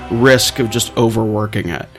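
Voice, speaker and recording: A man co-hosting a casual podcast chat, talking in halting bursts with many restarts and casual swearing. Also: fairly low pitch, a bit bright, faint music behind. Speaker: podcast co-host.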